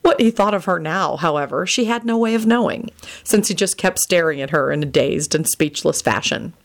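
A woman reads a romance story aloud in a low voice that rises and falls widely. Her delivery is expressive, with a lilting storyteller's rhythm. She narrates steadily between the characters' lines. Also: moderate pace. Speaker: reader.

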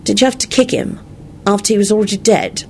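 A storyteller voicing an anxious, earnest young woman with a high, emotional delivery. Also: fairly even intonation, fast talker, a little hiss or hum, lightly acted. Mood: warming, teasing. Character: anxious young woman, brave, self-blaming.

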